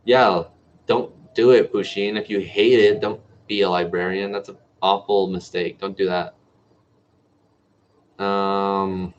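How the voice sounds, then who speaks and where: Speaking slowly in a low, steady voice, a young man from New Mexico in his twenties answers viewer comments he reads aloud during a casual livestream Q&A. He is a chatty medical student, and the stream's audio is dull and lo-fi.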